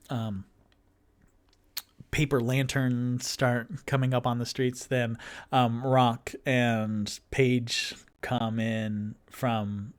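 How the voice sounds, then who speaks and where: A man narrating a solo tabletop game as game master, meandering with many ums and restarts. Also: mid-range voice. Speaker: game master and sole player.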